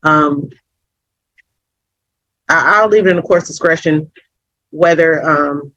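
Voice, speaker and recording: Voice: medium pitch, takes it slowly, bright, forceful tone, no room sound. A prosecutor addressing a judge formally and hesitantly, with many fillers. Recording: dull lo-fi courtroom audio.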